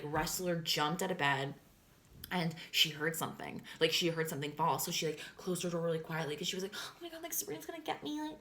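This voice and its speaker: A young woman tells a story to camera in a loose, rambling chat, piling on fillers and the odd swear word. Her voice sits a touch lower than most women's. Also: a bit bright. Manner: chatty, filler-heavy with constant "like", swears and laughs. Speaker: vlogger.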